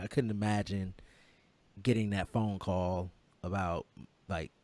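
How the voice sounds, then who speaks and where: A man's voice: fairly low pitch, warm tone. A man co-hosting a podcast, retelling a story in casual chat with many quoted exchanges and restarts. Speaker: podcast co-host.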